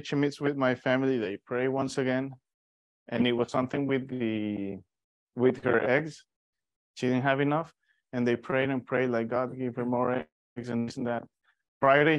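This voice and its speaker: A man's voice: medium pitch, moderate pace. A man teaching a Bible study session, telling a story and acting out the people in it. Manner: animated storyteller, acts out quoted voices. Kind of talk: storytelling sermon.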